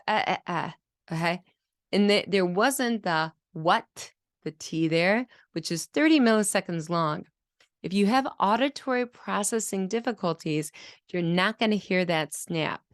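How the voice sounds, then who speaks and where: Woman, speech therapist, low voice, explanatory lesson, demonstrates sounds, dry recording. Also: no echo. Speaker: speech-language pathologist. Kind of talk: educational video lesson.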